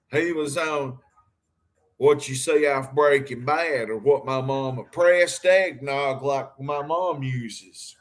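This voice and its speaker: A man rambles through a livestream, calling out to viewers by name and firing off jokes. His voice sits a little higher than most men's. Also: slow pace. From Harlan County, Kentucky. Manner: rambling, addresses viewers directly, jokey. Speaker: livestream host. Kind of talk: rambling livestream talk to chat.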